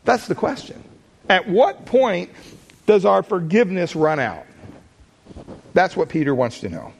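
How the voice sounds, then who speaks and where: A man's voice: high voice, very animated, a little slow, creaky, breathy edge. Conversational man preaching a sermon. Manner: conversational, asks the listeners questions. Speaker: pastor.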